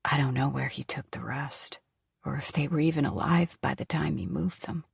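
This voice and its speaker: A woman reading the part of a frail, sick middle-aged woman who tells her story in a weak, halting, tearful way. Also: rumbling low, creaky, slightly rough, no echo, studio quality, exaggerated voice. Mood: confessing. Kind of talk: audiobook character voice.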